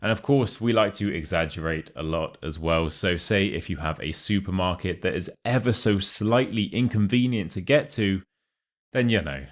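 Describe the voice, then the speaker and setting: A young man with a low, deep voice and a modern RP British accent, teaching everyday expressions. He talks in a chatty, joking way and drills phrases with exaggerated examples. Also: unhurried. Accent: modern RP British English. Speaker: English teacher. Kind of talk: casual YouTube English lesson.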